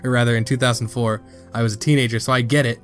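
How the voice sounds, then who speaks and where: A man in his thirties recaps a film on a casual podcast at a middle pitch. He jumps up in pitch for emphasis. Faint music runs behind him. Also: fairly even intonation, very fast. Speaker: podcast co-host. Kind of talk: casual movie review chat.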